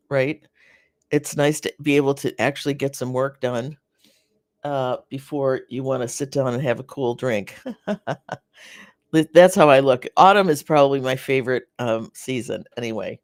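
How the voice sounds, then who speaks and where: A host of a live garden chat, from North America, talking casually and reading viewer comments in a rambling, halting way with many fillers and restarts, sympathetic toward the viewers. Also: mid-range voice, smooth, dry recording, clean studio sound.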